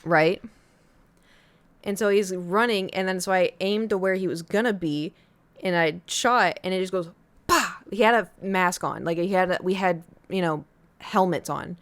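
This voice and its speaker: A young woman streaming from home and telling a long story to her chat in a casual, animated way. She jumps into a high voice whenever she quotes other people. The sound is close and dry, with no room around it. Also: moderate pace, dry recording.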